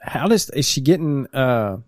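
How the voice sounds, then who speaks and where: Man, podcast co-host, mid pitch, dry room, emphatic interjections. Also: lively intonation, a little slow, no echo. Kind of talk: casual chat.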